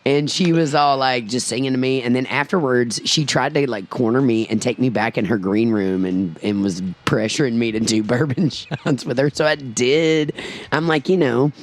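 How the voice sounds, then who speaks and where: A man's voice: mid-range voice, normal speed. A man hosting a radio show, chatting casually and telling stories with easy laughs. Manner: chatty, storytelling, laughs easily. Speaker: radio host. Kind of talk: casual radio interview chat. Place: radio studio.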